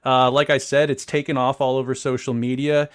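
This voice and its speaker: A man's voice: medium pitch, level tone, fairly quick, clean tone, no echo. A man with a mid-range voice hosts a casual interview, recorded dry with almost no room sound. He feels his way through his questions, stopping often on "uh" and "um". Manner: hesitant, many "uh" and "um" fillers. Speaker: podcast host.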